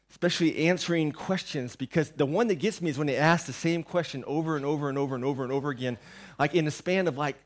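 A man in his thirties preaching a rambling, self-deprecating sermon, while sick with a sore throat and medicated. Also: a little high. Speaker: pastor. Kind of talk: conversational sermon. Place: church.

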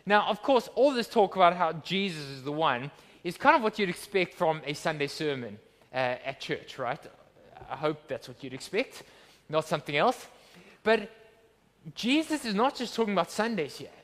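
Male pastor, higher register, preaching earnestly in a reverberant church hall. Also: sing-song, normal speed, a bit bright. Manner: earnest, emphatic preaching with rhetorical questions. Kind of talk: sermon.

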